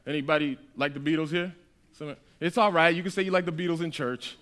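Preacher, male, high bright voice, chatty and teasing, sermon in a church. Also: quick pace. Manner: conversational and playful with the congregation. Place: church hall.

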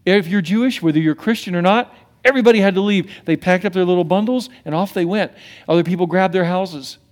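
Animated middle-aged male preacher, higher voice. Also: fast. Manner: animated preaching that swings from hushed to emphatic, with many restarts. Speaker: pastor. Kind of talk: sermon.

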